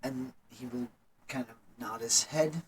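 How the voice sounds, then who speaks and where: Soft-spoken male game master. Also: mid-range voice, unhurried, a little hiss or hum, low-quality recording. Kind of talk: narrating a tabletop game.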